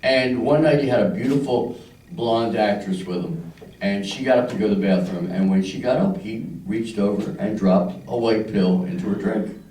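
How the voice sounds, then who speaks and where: On a club stage, an older stand-up from Philadelphia tells crude stories and acts out the characters. The lowish, mellow voice moves at a moderate pace, and the rough recording sounds echoey and distant.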